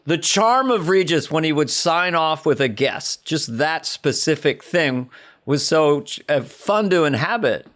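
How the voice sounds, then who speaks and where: A man's voice: on the high side, animated, a little slow, fairly bright tone. A man hosting a casual podcast chat, playful and chatty, asking easy questions. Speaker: podcast host.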